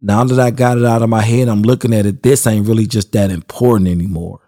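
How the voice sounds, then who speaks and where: Gravelly-voiced man hosting a casual podcast. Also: lowish voice, steady tone, fast talker, dark tone, no echo, clean studio sound. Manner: slangy, conversational, addresses listeners directly. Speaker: podcast host. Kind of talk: casual motivational podcast monologue.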